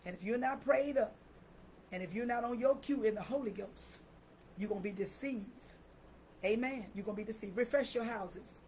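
A woman's voice: fairly high pitch, normal speed, a little mellow, slight background noise, poor audio. An older woman minister preaching and praying with fervent, repetitive declarations, often breaking into laughter. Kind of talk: live-streamed preaching and prayer.

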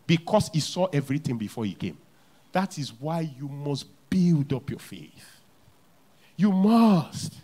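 A male pastor with a Nigerian English accent delivers a sermon in a church. His fairly high voice rises and falls a great deal, dropping to near hushes and then climbing to loud, emphatic repeats. His pitch stays lively from phrase to phrase. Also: normal speed, breathy edge.

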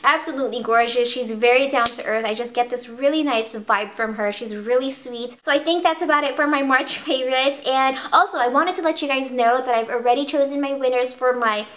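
A woman's voice: sits high, steady tone, brisk, hardly any pauses, fairly bright tone, slight background noise. A young woman chatting casually in a beauty vlog, bubbly and gushing, with many ums and restarts. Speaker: beauty vlogger. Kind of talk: casual monthly favorites vlog.

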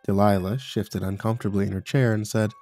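A man reading a horror story aloud in a measured, ominous way. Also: on the low side, fairly even intonation, a little mellow, faint music behind. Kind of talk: scripted horror narration.

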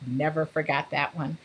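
A woman's voice: sits low, breathy edge. A woman hosting a casual livestream about art, chatting with viewers and laughing often. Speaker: art channel host. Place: home art studio.

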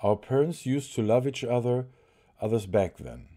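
A man streaming a story game live, reading its text aloud haltingly, restarting lines and chatting with his viewers in between. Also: medium pitch, expressive, dark tone.

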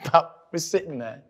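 Man, 40s, podcast co-host, a bit high-pitched, animated, laughing, casual chat. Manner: laughing, animated storyteller, swears freely. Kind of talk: casual chat between old friends.

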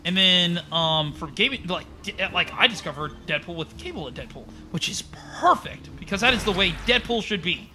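A man casually chatting while playing a video game, rambling and excitable, swearing now and then. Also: high voice, a little fast, few pauses, soft background music. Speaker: let's play co-host. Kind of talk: casual gaming chat.

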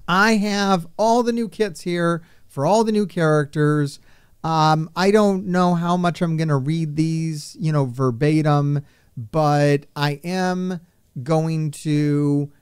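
Excitable high-voiced gaming commentator. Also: male voice, clean tone, dry recording, studio quality. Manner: excitable, exasperated rants. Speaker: gaming YouTuber. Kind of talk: casual commentary on game updates.

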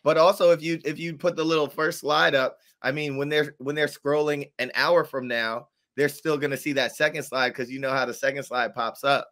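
A man's voice: a little high, steady tone, normal speed, hardly any pauses, fairly bright tone. Man reasoning things out on a podcast. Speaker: podcast guest. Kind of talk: casual podcast chat.

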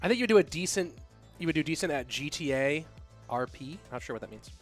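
A man's voice: a little high, animated, quick pace, faint music behind. A man hosting a live stream, rambling and joking casually as he talks straight to his viewers from his home setup. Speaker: stream host and caster.

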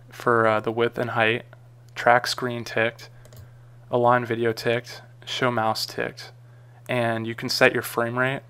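Flat gravelly man giving a casual tutorial. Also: mid-range voice. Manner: casual, rambling, frequent ums and uhs. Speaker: tutorial maker. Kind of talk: screen-recorded software tutorial.

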